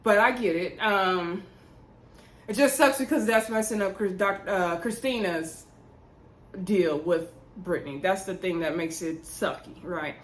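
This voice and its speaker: A woman's voice: medium pitch, a little slow. A woman hosting a casual reality show recap, chatting directly to her viewers. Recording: roomy echo.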